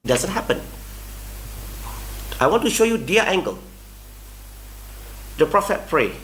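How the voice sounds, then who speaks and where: A man's voice: high voice, big pitch swings, a little slow, fairly bright tone, slight background noise. A man in a live online debate, earnest and questioning, speaking English with non-native grammar.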